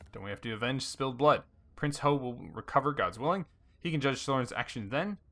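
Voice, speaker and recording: Bright-voiced man reading a game aloud. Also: mid-range voice, animated, moderate pace, faint music behind. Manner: reads story text aloud with fillers and small slips. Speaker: let's play host. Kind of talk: casual game narration, reading dialogue aloud.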